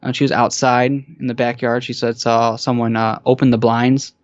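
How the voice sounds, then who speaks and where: A man's voice: medium pitch, flat delivery, moderate pace, dry recording, muffled recording. A man talking casually as a guest about his experiences, hesitant, with many fillers and restarts. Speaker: guest caller. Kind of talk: casual interview chat.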